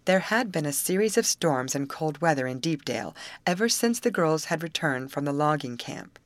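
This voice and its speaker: A woman narrating a novel as an audiobook in a clear, measured reading. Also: sits low, animated, no room sound. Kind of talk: scripted narration.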